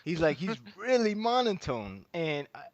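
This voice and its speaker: Male podcast host, rambling and laughing; flat lo-fi recording, dry. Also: a little high, normal speed, no room sound. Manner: rambling, mimics other voices, laughs often. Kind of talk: casual podcast chat. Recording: dull lo-fi dry sound.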